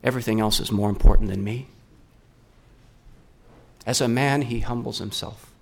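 A man preaching a sermon, swinging between raised, rising questions and hushed, low emphasis, often correcting himself and repeating words. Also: fairly even intonation, moderate pace, gravelly.

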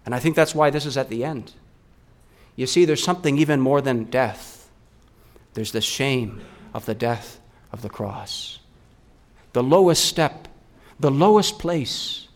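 A man preaching a sermon, swinging between raised, rising questions and hushed, low emphasis, often correcting himself and repeating words.

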